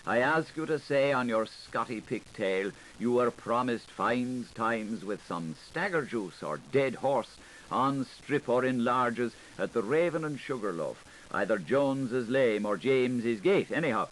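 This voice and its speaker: A man's voice: medium pitch, animated, measured pace, a little hiss or hum, low-quality recording. Theatrical man reading a literary audiobook. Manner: theatrical, switching between voices of questioners and the answerer. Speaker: audiobook reader.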